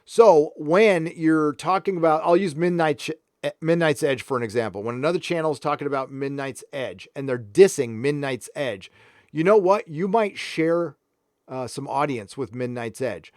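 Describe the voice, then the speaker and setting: A man's voice: fairly high pitch, lively intonation, moderate pace, darkish tone, no room sound, studio quality. Frank, rambling man on a live stream. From San Diego, California. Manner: frank, rambling, reads out viewer comments. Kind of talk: casual live stream chat.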